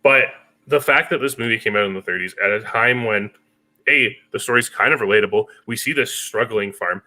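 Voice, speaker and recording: A man's voice: lowish voice, brisk, bright, forceful tone. Thoughtful man on a film podcast. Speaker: podcast co-host. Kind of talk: casual film discussion.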